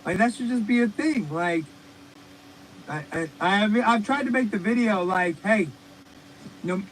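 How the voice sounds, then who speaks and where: A man with a high-pitched voice co-hosts a podcast, telling rambling stories laced with profanity in an animated, casual comedic way at a moderate pace. The recording is rough, with slight background noise.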